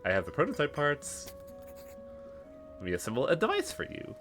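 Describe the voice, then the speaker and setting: A man's voice: fairly high pitch, huge pitch swings, moderate pace, over music, pitched above the performer's own voice. A man reading out a game researcher's lines aloud, matter-of-fact and explanatory. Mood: explaining.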